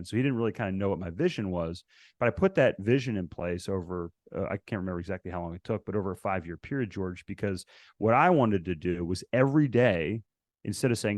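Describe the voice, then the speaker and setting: A man with a low voice speaks as a podcast guest in a dry, close recording. He tells stories casually and acts out past conversations with plenty of energy. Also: animated, brisk, no echo. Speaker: podcast guest, real estate investor. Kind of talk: casual interview storytelling.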